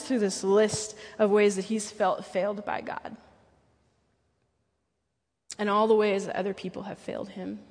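A woman's voice: medium pitch, level tone, a little slow, pauses often, darkish tone, big-room sound. A woman speaking at a church and preaching a sermon, earnest and personal, with playful asides.

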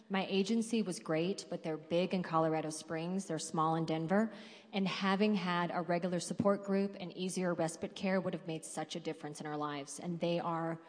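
A woman's voice: on the low side, a little mellow. Earnest woman speaking in a hall. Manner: earnest, heartfelt. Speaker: panelist, former foster parent. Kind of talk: panel talk to an audience. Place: large hall with an audience. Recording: hall reverb.

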